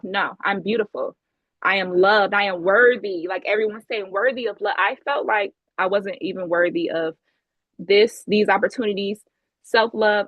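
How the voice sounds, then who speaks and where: A woman's voice: mid-range voice, fairly bright tone, no echo, low-quality recording. A woman from Ohio giving an earnest, emphatic personal testimony as a guest speaker at an online event, over a video call. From Ohio, USA. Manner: earnest, emphatic storytelling with many restarts.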